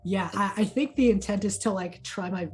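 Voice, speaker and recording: A woman's voice: medium pitch, normal speed, a little mellow, faint music behind. A woman playing a tabletop game, talking casually and hedging her plans with likes. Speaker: player.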